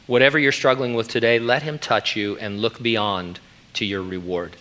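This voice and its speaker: A middle-aged pastor preaching a sermon in an earnest, emphatic way. His voice is bright and forceful, at an ordinary pitch for a man. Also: fairly even intonation, normal speed.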